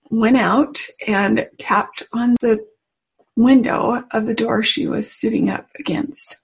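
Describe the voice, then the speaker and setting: A woman with a very breathy, husky voice that sits a bit high. She unfolds a devotional story slowly, in an earnest and tender way. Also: poor audio. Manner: earnest, tender, emotionally emphatic. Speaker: religious speaker.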